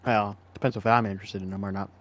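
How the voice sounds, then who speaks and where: A man co-hosting a casual sports podcast, relaxed and agreeable, humming as he thinks aloud. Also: fairly low pitch, quick pace. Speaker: podcast co-host.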